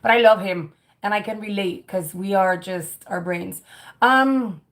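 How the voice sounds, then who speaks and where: A woman's voice: mid-range voice, measured pace, fairly bright tone. A woman in her thirties talks to her livestream viewers in a loose, rambling way. She restarts her sentences often and fills the gaps with "um" and "like". Her delivery is candid and conversational. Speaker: livestream host reading chat comments. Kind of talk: casual chat.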